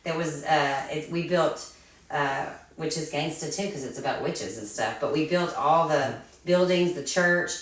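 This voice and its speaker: A woman's voice: sits low, measured pace. A woman co-hosting a casual chat, talking in a chatty way with many fillers. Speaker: co-host. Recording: echoey room, distant mic.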